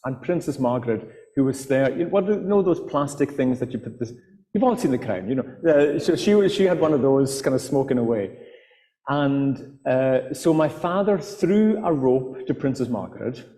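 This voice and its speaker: A man's voice: mid-range voice, animated, normal speed, mellow. A man from the Outer Hebrides with a Scottish accent, telling stories to a live festival audience, hesitant with fillers and restarts. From Outer Hebrides, Scotland. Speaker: author and guest speaker. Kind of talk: storytelling talk to a live audience. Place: festival hall. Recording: reverberant hall on live mic.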